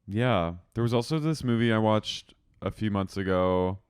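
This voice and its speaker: A man's voice: on the low side, normal speed, clear, resonant tone, no room sound, clean studio sound. A man co-hosting a podcast, chatting casually and tossing in joking asides while recapping a show. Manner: joking, adds punchlines to the recap. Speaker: podcast co-host.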